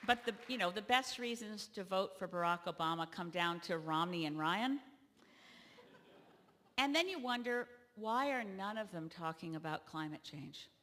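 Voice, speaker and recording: A woman from Canada, a party leader, giving an animated convention keynote speech that rises to loud emphatic peaks. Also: mid-range voice, moderate pace. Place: large convention hall. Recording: long reverb of a large hall.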